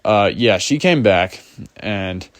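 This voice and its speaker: A man with a deep voice tells a personal story in a loose, rambling way, leaning on fillers as he goes. The recording is dry and close, with no room sound. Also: animated, slow pace, dry recording. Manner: rambling, full of "like" fillers, laughs often. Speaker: storyteller vlogger. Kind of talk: casual storytime.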